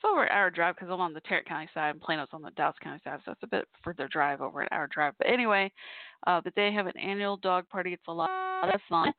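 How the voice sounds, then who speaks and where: A woman's voice: lowish voice, expressive, quick pace, no echo. Chatty woman podcast host, tinny line. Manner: chatty, rambling with fillers and asides. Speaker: podcast host and call-in show DJ. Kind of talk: casual solo podcast talk. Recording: dry tinny phone-like line.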